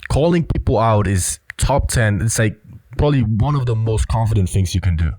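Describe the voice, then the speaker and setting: A man's voice: lowish voice, animated, moderate pace, darkish tone, no room sound. Blunt, assertive man commenting on clips. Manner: blunt, assertive, peppered with "you know". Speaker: body language commentator. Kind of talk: casual video commentary.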